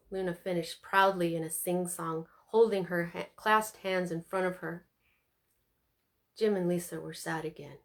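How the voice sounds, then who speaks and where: A woman reading an audiobook aloud in an expressive, animated way, doing the characters' voices. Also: fairly low pitch, moderate pace. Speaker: audiobook narrator. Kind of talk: scripted narration.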